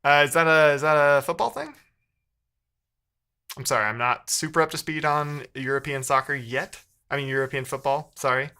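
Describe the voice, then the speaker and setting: A man's voice: on the high side, moderate pace, pushed and bright, clear, resonant tone. A man live-streaming while he codes, chatting casually with viewers and thinking aloud, often second-guessing himself mid-sentence.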